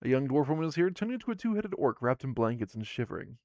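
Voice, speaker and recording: A man's voice: mid-range voice, very animated, fast, a little mellow, no echo, studio quality. A sleepy man casually narrating his solo tabletop game on a live stream, rambling and self-deprecating as he reads the game text aloud.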